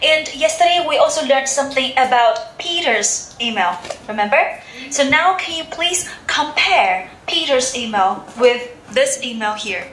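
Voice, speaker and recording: A woman teaching an English class, briskly asking questions and drilling pronunciation. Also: sits high, animated, a bit bright, slight background noise. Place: school classroom full of students. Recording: echoey classroom with pupils' chatter.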